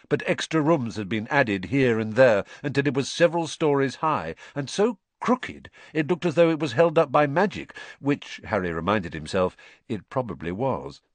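A man's voice: medium pitch, normal speed, no room sound. A man narrating a children's fantasy audiobook expressively. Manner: expressive storytelling. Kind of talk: scripted narration.

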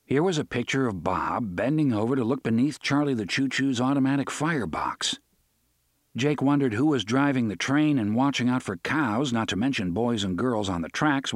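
A man reading an audiobook as narrator, with expressive, varied storytelling. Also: medium pitch, dry recording, clean studio sound. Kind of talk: scripted narration.

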